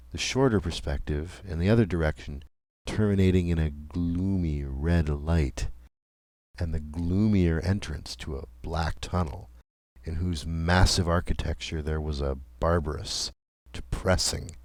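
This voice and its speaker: A man reading a classic ghost story aloud in scripted audiobook narration, measured and deliberate. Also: deep voice, darkish tone, no room sound.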